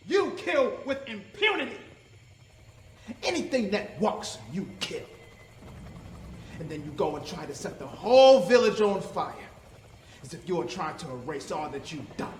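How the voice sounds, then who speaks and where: Man doing a defiant prisoner, calm and firm, high lively voice, echoey room. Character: defiant male prisoner of war, educated and calm. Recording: roomy echo, faint background hiss.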